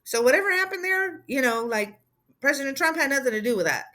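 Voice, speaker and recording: A woman's voice: high-pitched, animated, fairly quick, sharp tone. Rambling woman commentator, casual talk. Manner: rambling, conversational, full of "you know" and "right?". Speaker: political commentator.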